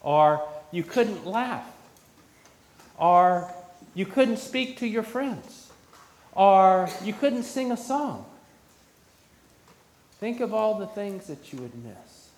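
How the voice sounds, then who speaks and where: A man leads a children's sermon and keeps asking the kids questions. His voice sits a bit high and rings through an echoey church, with a faint hum of room noise behind it. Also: very animated, slow, pauses often. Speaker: pastor. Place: church sanctuary.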